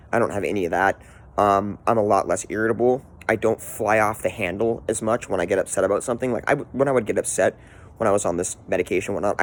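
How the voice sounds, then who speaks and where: Blunt, profane young man telling his story. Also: fairly low pitch. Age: 20s. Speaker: vlogger. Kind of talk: personal story vlog.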